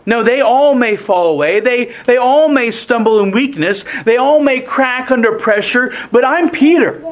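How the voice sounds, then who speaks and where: A man's voice: extremely high pitch, animated, normal speed, voice pushed up. A man voicing a proud, boastful male disciple who makes emphatic, defiant declarations.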